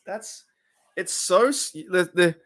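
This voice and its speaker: Giggly Australian man, fairly high voice. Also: lively intonation, slow, a bit bright. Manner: giggly, rambling, breaks into laughter. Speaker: streamer hosting a football watch party. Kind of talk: casual live-stream chat.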